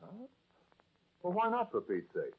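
An actor with an American accent playing a young soldier turned ex-convict, narrating and talking in a 1940s radio drama. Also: male voice, high-pitched, wildly swooping pitch, unhurried, slightly rough, full character voice. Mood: defiant. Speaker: narrator and lead character. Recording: tinny old radio broadcast recording.

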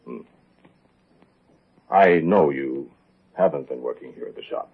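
A fussy, gravelly old-time storyteller. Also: male voice, rumbling low, measured pace, heavily acted. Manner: fussy, polite, chatty with the listener. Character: fussy, kindly middle-aged shopkeeper telling his story. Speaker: narrator and shop owner. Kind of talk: 1940s radio acting. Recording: tinny old radio broadcast with music.

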